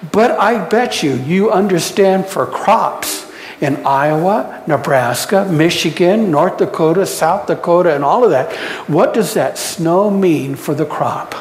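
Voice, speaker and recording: A pastor preaching a sermon in a church, unhurried, putting questions to the congregation and adding light humor. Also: medium pitch, expressive, slight background noise. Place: church sanctuary. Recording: echoey church hall reverb.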